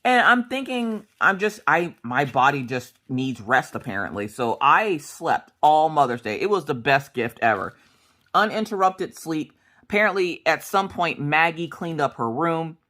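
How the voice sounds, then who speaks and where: Woman, casual crafting chat, rambling storyteller, bright tone. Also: sits low, sing-song, a little slow. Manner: rambling storyteller, acts out family dialogue. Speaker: crafting vlogger.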